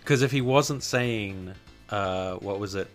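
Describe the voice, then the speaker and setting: A man's voice: lowish voice, slow, soft background music. Dry-joking podcast man. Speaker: podcast co-host. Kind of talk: casual chat.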